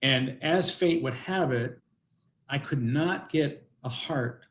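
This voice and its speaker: A man's voice: medium pitch, slow, sharp tone, a little hiss or hum, rough recording. An older man, a guest on an interview show, telling a personal story in a rambling way, with many restarts and acted-out quotes.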